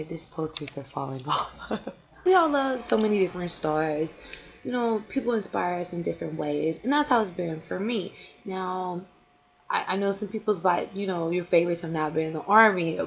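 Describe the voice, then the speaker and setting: A young woman vlogging casually to camera as a fan blogger, chatty and full of fillers, with quick laughs. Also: lowish voice, breathy edge.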